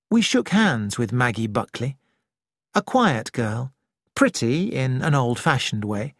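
A narrator reading an audiobook in a calm, measured, expressive manner. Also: mid-range voice, dry recording, studio quality.

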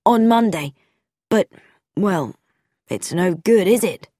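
A woman's voice: mid-range voice, lively intonation, slow pace, mellow, no echo, clean studio sound. A woman voicing an earnest, loyal young man, the son of a vicar, speaking plainly and frankly in a storybook reading. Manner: plain, frank, self-deprecating.

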